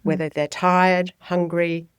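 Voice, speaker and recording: A middle-aged woman, a child health nurse and midwife, giving clear, lively parenting advice in a podcast interview. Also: lowish voice, takes it slowly, no room sound, clean studio sound. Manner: explanatory, lively when voicing babies and parents.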